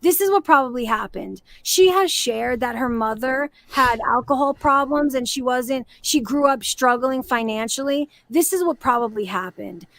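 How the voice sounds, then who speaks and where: High-pitched woman, dry close mic, blunt trash talk with her cohost. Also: expressive, normal speed, hardly any pauses, a bit bright, no echo. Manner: blunt, crude, mocking. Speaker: co-host. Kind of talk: casual gossip chat.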